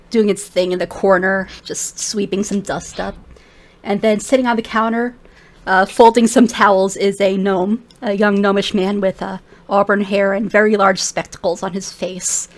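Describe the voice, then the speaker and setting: Woman narrating a tabletop game. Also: mid-range voice. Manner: relaxed, descriptive, many fillers. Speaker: game master.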